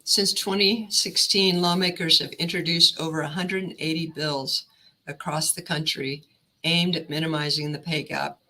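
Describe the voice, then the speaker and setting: Woman career counselor, presenter, bright tense tone, even instructive delivery. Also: deep voice, moderate pace, rough recording.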